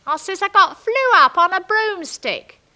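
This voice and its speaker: A woman's voice: mid-range voice, big pitch swings, normal speed, sharp tone. An actress playing a chatty young woman in a comic monologue, with a rambling, ungrammatical way of telling stories. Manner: gossipy, rambling, ungrammatical storytelling. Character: chatty working-class young London woman.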